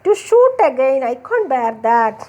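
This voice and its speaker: Frightened pet dog pleading to come in, high voice, Tamil Indian English accent, read by a woman. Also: sing-song, normal speed, darkish tone, muffled recording.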